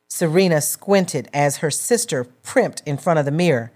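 A woman reading a novel as an audiobook narrator in a measured storytelling manner. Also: low voice, lively intonation, darkish tone.

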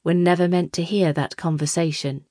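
Casting: woman doing a scheming court official in an audiobook, a man with a high girlish voice, silky and threatening, sounding close and dry. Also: steady tone, moderate pace, dark tone, no room sound, lightly acted. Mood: menacing.

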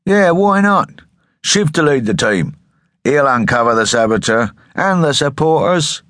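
A man voicing a shouting crowd of rebel workers, loud and rallying. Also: medium pitch, very animated, a little slow, no room sound, clean studio sound, voice pushed up. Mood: eager.

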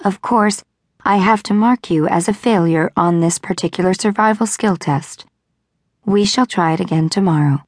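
A woman voicing a kind, graceful female robot caretaker with a gentle, measured, faintly formal manner. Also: mid-range voice, no room sound, studio quality, lightly acted. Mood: gentle concern.

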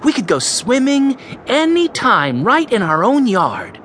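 A male audiobook narrator voicing a sensible young girl who speaks brightly and earnestly. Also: very high voice, huge pitch swings, unhurried, slight background noise, pitched above the performer's own voice, exaggerated voice. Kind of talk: audiobook character voice.

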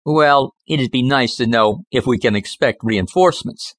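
A man's voice: mid-range voice, moderate pace, a bit bright, no echo, clean studio sound, close to an everyday voice. A man voicing a wisecracking, easygoing American man agent in an audiobook, talking in a joking, breezy way.

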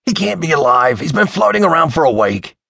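A man's voice: deep voice, sing-song, moderate pace, vocal fry, a bit bright, husky, no echo, clean studio sound, full character voice. A male narrator voicing a blunt, grumbling thirty-year-old man. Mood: alarmed.

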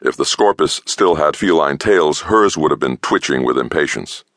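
A man narrating an audiobook in the first person, measured and expressive. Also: extremely low pitch, no echo, studio quality.

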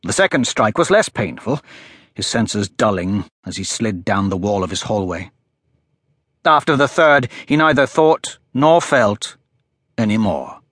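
A man narrating a crime thriller audiobook in a steady, measured, unhurried manner. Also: on the low side, dry recording, studio quality.

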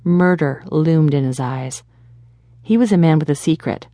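A woman reading a first-person audiobook in a steady, measured storytelling manner. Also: deep voice, dry recording, studio quality. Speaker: audiobook narrator.

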